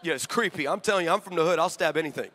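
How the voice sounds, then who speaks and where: A male preacher telling a comic story in a sermon, animated and joking, acting out both sides of conversations before a live congregation. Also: a little high, racing. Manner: animated, joking, acts out dialogue. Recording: long hall reverb.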